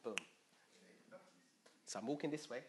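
A man preaching a conversational sermon in a chatty, lively way, full of fillers and repeated words. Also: medium pitch, measured pace, a crowd in the background.

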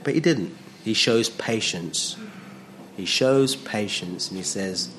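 A man preaching a sermon in a jokey, animated way, acting out voices with big jumps in pitch. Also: slow, soft background music.

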